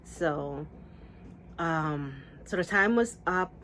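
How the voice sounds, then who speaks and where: A beauty vlogger casually tells a story to camera, rambling with restarts and asides, and she speaks very slowly over slight background noise. She's lively, acting out quotes with big jumps in pitch.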